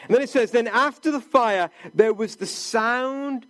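A man with a notably high voice preaches slowly and deliberately. He delivers an earnest sermon and sometimes sinks to a hushed tone for quoted words. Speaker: pastor.

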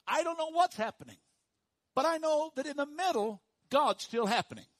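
A pastor preaching a sermon to his congregation, dropping to hushed, slow emphasis and rising to loud, high calls for the room to repeat after him. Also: animated, no room sound. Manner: swings from hushed low emphasis to loud high call-and-response.

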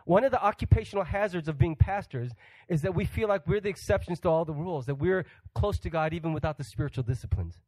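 Higher-voiced joking male preacher. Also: quick pace, darkish tone, no echo, low-quality recording. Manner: humorous, acts out quoted voices; asks the audience questions. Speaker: guest pastor. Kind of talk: sermon.

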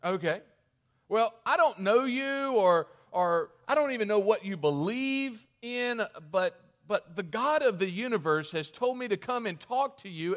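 Guy doing a pushy bold prophet, high voice, really insistent. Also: a bit bright. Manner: insistent, emphatic. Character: bold demanding male prophet, brash and pushy.

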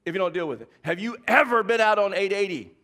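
A man from the American South delivers a sermon in a high, bright voice. He presses on his points with repetition and swings from quiet, low lines to loud shouts. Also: fast talker. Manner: emphatic preacher, swings from hushed to shouting, repeats key lines. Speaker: pastor.

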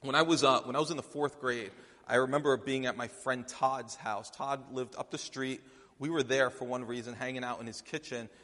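A man's voice: mid-range voice, fairly even intonation, normal speed, a bit bright. A man preaching a sermon in a conversational, storytelling way, with frequent restarts. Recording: long hall reverb.

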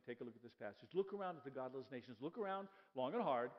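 A man preaching a sermon as a pastor, chatting and joking with the congregation, checking in with "okay?", then sinking to a hushed voice for the dramatic points. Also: medium pitch, expressive, fast talker, big-room sound, muffled recording. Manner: drops to a soft, hushed voice for dramatic passages.

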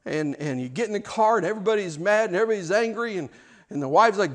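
A man's voice: sits high, lively intonation, fast. A man preaching a sermon, telling stories with restarts and rhetorical questions. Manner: storytelling with repeated words and rhetorical questions. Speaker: pastor.

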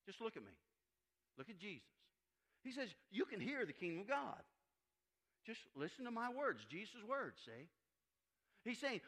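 Male pastor, high bright voice that rises and falls a lot, preaching with loud bursts and soft asides. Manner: preaches with big swings between loud emphatic lines and quiet low asides; reads scripture aloud and comments on it verse by verse. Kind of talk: sermon.

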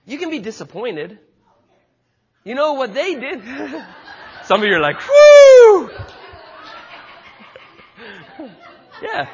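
A man's voice: very high voice, very animated, slow pace, pauses often, fairly bright tone, muffled recording, some chatter behind. A man preaching a sermon with passionate, emphatic delivery and frequent repetition. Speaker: pastor.

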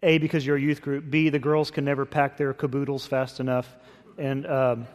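A man pastor preaching a sermon in a conversational, expressive way. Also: medium pitch, moderate pace. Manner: conversational, expressive, acts out scripture quotes. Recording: long hall reverb.

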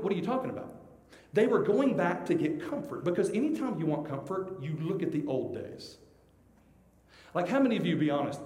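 Man, pastor, sermon, conversational and animated, acts out quoted voices, higher voice, roomy sanctuary with long reverb. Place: church sanctuary. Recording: echoey hall with long reverb.

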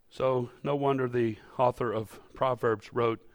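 A man preaching a sermon in a church, folksy and storytelling, rising to loud emphatic peaks. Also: medium pitch, fairly even intonation, a little slow, few pauses, no room sound, clean studio sound. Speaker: pastor. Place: church sanctuary.

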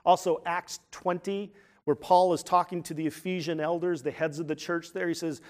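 A man preaching a sermon in a conversational way, asking the congregation questions and dropping to a hushed tone for serious points. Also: fairly high pitch, steady tone, normal speed. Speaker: pastor.

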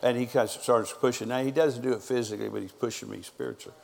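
Against a crowd in the background and a big-room sound, a middle-aged pastor preaches fast in a mid-range, steady, gravelly voice. He spins stories, quoting people's exchanges back and forth.

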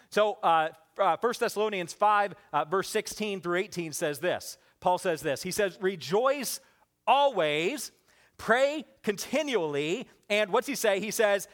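A male pastor with a high voice delivers a lively sermon. He builds to emphatic, loud peaks and then drops to soft, low, reflective passages. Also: a little slow. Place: church sanctuary with congregation.

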